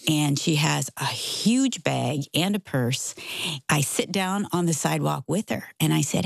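Low, gravelly-voiced middle-aged woman. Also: unhurried, no echo. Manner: animated, acts out quoted voices. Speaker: guest. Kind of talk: casual storytelling.

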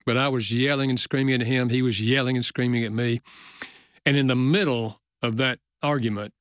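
A man's voice: mid-range voice, no echo. An older man tells a heartfelt story from his own family life. He speaks earnestly and eases his pace at the tender moments. The sound is dry and close. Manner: earnest, slows down for emotional moments. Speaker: author and guest. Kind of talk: storytelling in a podcast interview.

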